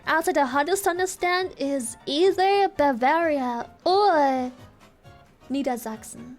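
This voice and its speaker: A woman's voice: sits high, a little slow, soft background music. A woman streamer from Germany with a German accent, chatting casually on a live stream in a playful, giggly, teasing way.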